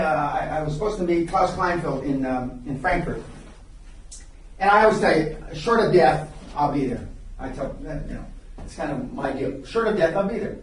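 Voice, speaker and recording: An older man speaks with a fairly high voice, telling blunt, profane stories to a seminar room and often breaking off to restart his sentences. He is captured from a distance, and the room's strong echo rings around every line. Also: slight background noise. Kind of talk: live seminar storytelling. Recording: very echoey room, recorded from far off.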